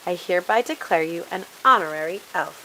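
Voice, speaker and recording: A jolly, kindly old Santa from a children's storybook, as a woman reads him aloud. The tone is bright and clear. A faint hiss sits under the reading. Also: on the low side, brisk, poor audio.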